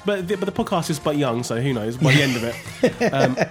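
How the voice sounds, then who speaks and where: A man with a husky, sick voice co-hosting a podcast, playful and teasing, often laughing. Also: mid-range voice, animated, brisk, faint music behind. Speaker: podcast co-host. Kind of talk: casual chat.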